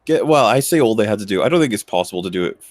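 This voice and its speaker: Young man, podcast guest, low voice, animated rant, dry close sound. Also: rapid-fire, no echo. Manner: animated ranting, acts out his own reactions. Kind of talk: casual chat.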